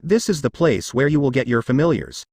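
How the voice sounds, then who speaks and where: A man's voice: mid-range voice, animated, a little fast, darkish tone, no echo, studio quality. A man reading aloud as a firm young noblewoman who leads a demon group.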